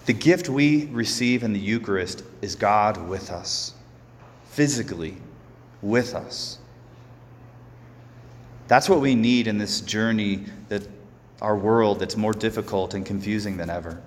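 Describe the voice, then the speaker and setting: A man who is a Catholic priest giving a sermon, earnest and slow, often repeating words as he goes. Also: lowish voice, long reverb tail, slight background noise.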